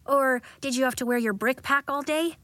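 A woman's voice: high voice, normal speed, fairly bright tone, dry recording. Elliot, a woman reading as a teasing schoolboy.

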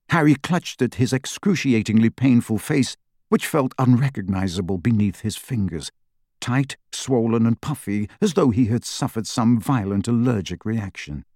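A man reading a novel aloud as narrator, dramatic and expressive. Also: mid-range voice, no room sound, clean studio sound. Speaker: audiobook narrator. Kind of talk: scripted narration.

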